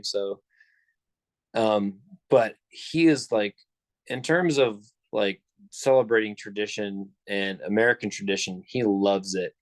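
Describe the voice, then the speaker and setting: A young man with a lowish voice spins a long, meandering story on a casual podcast. He leans on filler words and restarts his sentences. The sound is dry and close. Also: no room sound. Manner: rambling, full of "like" and restarts. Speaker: podcast co-host.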